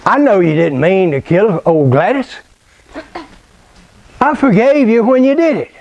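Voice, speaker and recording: Man playing a kind old grandmother, patient, soft and knowing, voice dropped a bit. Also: high-pitched, lively intonation, unhurried, vocal fry, highs cut off, full character voice. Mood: gentle.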